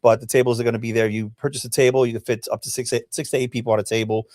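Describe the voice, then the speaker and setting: A man's voice: mid-range voice, level tone, racing, a little mellow, no echo, clean studio sound. A man who is a guest on a podcast, explaining event details in a friendly, step-by-step way. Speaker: guest, bodybuilder and event organizer. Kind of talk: casual podcast chat.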